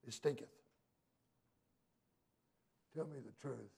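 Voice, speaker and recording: A male pastor preaching a sermon with emphasis, his delivery swinging from hushed to loud. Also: medium pitch, takes it slowly, gravelly, background noise.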